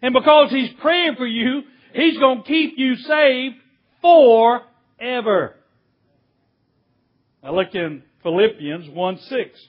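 A man preaching a sermon, emphatic, stretching key words and rising to near shouts at points of stress. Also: very high voice, expressive, a little slow, few pauses. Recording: dull lo-fi sound.

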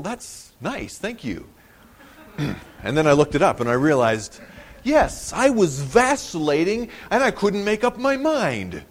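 Male preacher, slow and deliberate, very lively pitch, dramatizes quotes. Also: breathy edge. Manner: animated preaching, rising sharply on quoted words; repeats and restarts words while explaining. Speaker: pastor. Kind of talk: expository sermon.

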